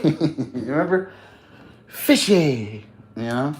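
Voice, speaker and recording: A man's voice: medium pitch, expressive, unhurried, long pauses. Rambling slangy man livestreaming. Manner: rambling, slangy, laughs often. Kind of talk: casual livestream chat.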